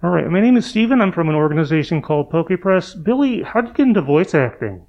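A man interviewing a guest on a panel, asking plain, measured questions through a face mask. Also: high voice, big pitch swings, darkish tone, highs cut off. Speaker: interviewer from a fan site. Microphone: speaking through a face mask.

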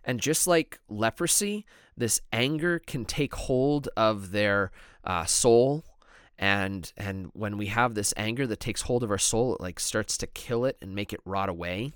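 Thoughtful priest with a smooth low voice. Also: male voice, measured pace, no room sound, studio quality. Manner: thoughtful, hesitant with many fillers and restarts. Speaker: priest, podcast co-host. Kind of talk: casual podcast conversation.

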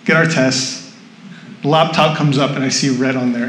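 A man's voice: medium pitch, fairly even intonation, moderate pace, a bit bright, echoey room, a little hiss or hum, poor audio. A man preaching a sermon, telling a personal story in a chatty way and laughing often. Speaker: pastor. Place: church hall with audience.

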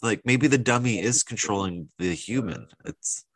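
Casual podcast co-host, male, deep low register, eager and rambling, dry close sound. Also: expressive, moderate pace, no echo. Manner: enthusiastic, rambling with many fillers. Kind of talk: casual chat.

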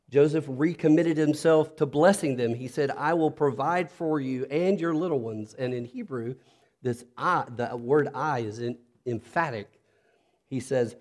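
A man preaching a sermon as pastor, earnest and reflective, dropping to a soft, intimate tone when he speaks directly to listeners. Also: mid-range voice, measured pace.

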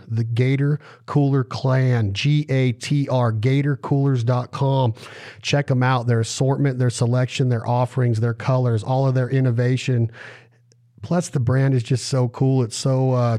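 A middle-aged man from Nevada hosts a casual podcast conversation. He talks with lots of energy and rambles, stringing words together in long lists. His voice sits at an ordinary middle pitch. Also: warm tone. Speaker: podcast host.

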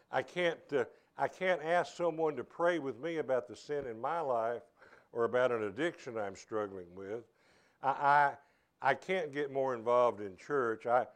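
Earnest male pastor preaching a sermon. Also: mid-range voice. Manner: earnest, halting, with many repeated starts. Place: church.

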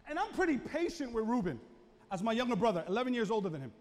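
A man's voice: very high-pitched, fast talker. A male pastor preaching a dramatic storytelling sermon in a church. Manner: dramatic, animated storyteller who builds to shouting. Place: church sanctuary. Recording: echoey church hall with long reverb.

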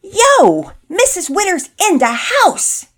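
Lady putting on a loud cheeky little boy, high squeaky yelling, bouncy. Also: slow, exaggerated voice. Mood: cheering. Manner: shouting, excitable. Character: loud brash schoolboy, excitable joker.

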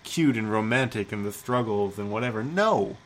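A man's voice: on the low side, animated, normal speed, fairly bright tone, a little hiss or hum, low-quality recording. A man co-hosting a podcast, talking bluntly and emphatically with a lot of swearing. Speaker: podcast co-host. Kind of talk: casual chat.

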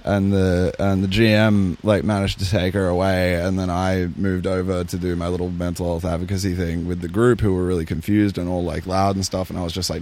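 A man's voice: low-pitched, little pitch movement, a little fast, hardly any pauses, a little mellow. A young Australian man co-hosting a casual podcast, joking crudely, swearing heavily and playing dumb. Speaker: podcast co-host.

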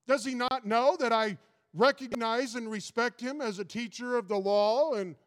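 Man doing a proud indignant pharisee, exasperated questions, high voice, long echoing reverb. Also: moderate pace. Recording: long reverb of a large hall.

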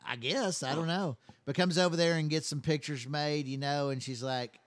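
A man's voice: a little high, fairly even intonation, normal speed, dry recording. Guy rambling thru a crude story, lots of restarts, dry close sound. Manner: rambling, profane, many restarts. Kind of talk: casual storytelling chat.

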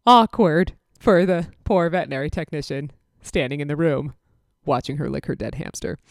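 Chatty low-voiced woman telling stories. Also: no echo, clean studio sound. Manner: chatty, animated when quoting people, many fillers. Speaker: veterinary technician and podcast host. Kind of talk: casual storytelling monologue.

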